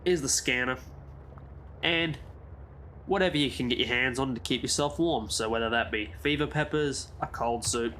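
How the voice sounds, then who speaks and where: A man's voice: medium pitch, moderate pace, bright, forceful tone, slight background noise. A man giving a casual, chatty game walkthrough as a gaming YouTuber, drifting into side comments. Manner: easygoing, chatty, rambles into asides.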